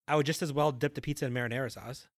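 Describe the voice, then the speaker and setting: A young man co-hosting a casual chat show, calmly and matter-of-factly explaining his food opinions. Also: medium pitch, racing, no echo, clean studio sound. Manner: calm, matter-of-fact reasoning. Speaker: podcast co-host.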